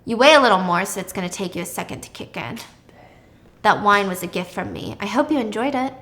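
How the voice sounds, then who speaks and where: A woman's voice: medium pitch, expressive, quick pace, a bit bright. A woman voicing an obsessive young female stalker who pleads in a breathless voice and turns icy. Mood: coldly menacing.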